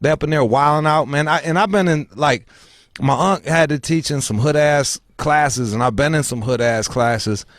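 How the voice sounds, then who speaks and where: A man's voice: fairly high pitch, moderate pace, no room sound, clean studio sound. A man hosting a casual talk show, swearing freely and laughing as he rants. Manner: profane, animated, laughs often. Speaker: show host.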